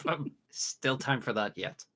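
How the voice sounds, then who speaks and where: A man from the UK hosting a casual podcast quiz, joking along and reading out multiple-choice questions with drawn-out pauses. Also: mid-range voice, pushed and bright. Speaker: quiz host.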